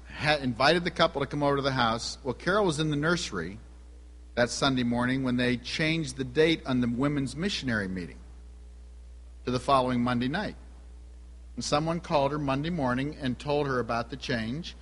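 A male pastor preaches a sermon, telling a personal story and asking the congregation questions. His voice is medium-pitched and a bit bright, his pace a little fast, and the recording carries long hall reverb.

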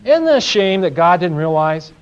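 A man's voice: high voice, big pitch swings, normal speed, slight background noise. A man teaching a sermon, telling folksy stories and asking his audience questions. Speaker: Bible teacher. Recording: dull lo-fi live recording.

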